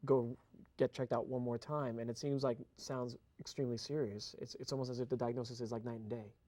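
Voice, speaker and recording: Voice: medium pitch, little pitch movement, brisk, warm tone. An interviewer who asks questions by summarizing what the guest said. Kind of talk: conversational interview.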